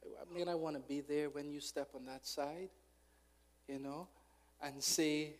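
High-voiced guy preaching hard, fervent sermon that climbs to shouting. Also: steady tone, a little slow. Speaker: pastor.

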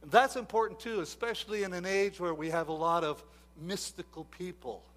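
A high-voiced, bright-toned male preacher. He drifts into soft asides, then builds to loud, emphatic exhortation, often repeating and restarting his words. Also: steady tone, fairly quick. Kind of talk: sermon.

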